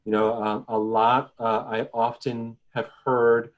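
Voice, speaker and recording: Male journalist guest on a video call, from the New York area; measured, with frequent restarts. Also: mid-range voice, little pitch movement, dull audio. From New York metropolitan area. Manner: measured, repeats words when starting a point. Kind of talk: video call panel discussion.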